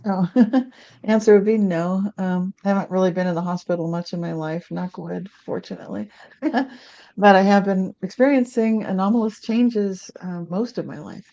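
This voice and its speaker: A woman's voice: mid-range voice, fairly even intonation, normal speed, gravelly, warm tone, highs cut off. A woman on a panel discussion call, talking in a chatty way and laughing between thoughts.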